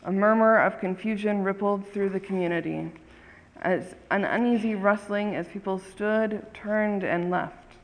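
A storyteller telling a tale in a calm, measured way, at a slow, unhurried pace. The voice sits at a middling pitch and carries a long reverb, as if told in a big hall.

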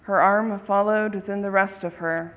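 A storyteller telling a tale in a calm, measured way, at a slow, unhurried pace. The voice sits at a middling pitch and carries a long reverb, as if told in a big hall. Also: dull audio.

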